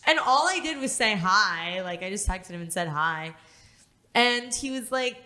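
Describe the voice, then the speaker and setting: A young woman co-hosting a podcast in casual chat, telling stories in a lively, teasing way. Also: mid-range voice, measured pace. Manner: animated, teasing storyteller. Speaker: podcast co-host.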